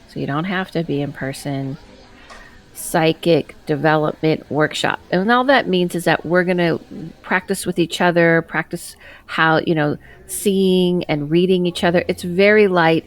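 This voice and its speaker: A middle-aged woman hosting her own channel as a psychic medium, talking casually to camera in a rambling way with many fillers and asides. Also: low voice.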